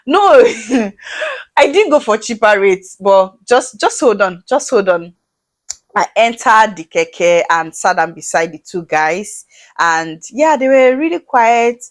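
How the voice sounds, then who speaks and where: A woman's voice: mid-range voice, a little slow. A young Nigerian woman with a Nigerian accent, telling a storytime vlog and acting out the people in it. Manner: animated, acts out dialogue in shifting voices. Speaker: vlogger.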